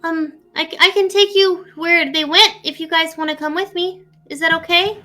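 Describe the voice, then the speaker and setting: A woman's voice: extremely high pitch, fairly even intonation, moderate pace, bright, forceful tone, voice pushed up. A woman voicing a panicky tiny male mushroom familiar who repeats himself in a frantic rush. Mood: timid. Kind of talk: game master voicing a character.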